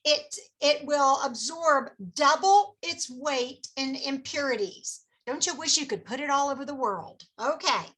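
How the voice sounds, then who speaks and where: A woman's voice: high voice, expressive, a little slow, hardly any pauses, fairly bright tone. A woman beauty consultant giving an upbeat, folksy skincare product presentation to a group of friends, coaxing them along with questions. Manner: upbeat and folksy, coaxes her audience with questions.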